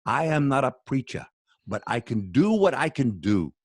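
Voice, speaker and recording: A man's voice: mid-range voice, very animated, normal speed, husky, dry recording, studio quality, voice pushed up. A man voicing an earnest older Kenyan man with a put-on East African accent, speaking with an emphatic preaching cadence.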